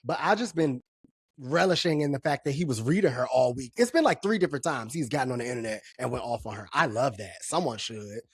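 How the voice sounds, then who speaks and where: A woman co-hosting a podcast, chatting casually about celebrity gossip in an animated, laughing way. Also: very deep voice, fast talker, slightly rough, no echo, clean studio sound. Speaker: podcast co-host. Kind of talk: casual pop-culture chat.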